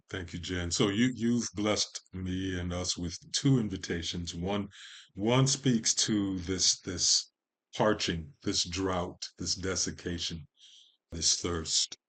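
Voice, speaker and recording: A man, a podcast guest, talking in a measured, poetic way and lingering on long lists of words. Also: sits low, fairly bright tone, husky. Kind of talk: slow reflective conversation.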